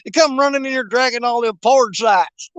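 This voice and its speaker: An older man hosts a fishing channel live stream outdoors at a creek, joking with viewers and laughing often as he chats in a casual, rambling way. His voice is very high and a bit bright, he talks at normal speed, and the recording is dry.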